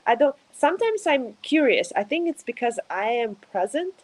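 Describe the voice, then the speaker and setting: A woman whose first language is Russian, interpreting in casual podcast chat, halting and searching for words, often giggling. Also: sits high, big pitch swings, rough recording.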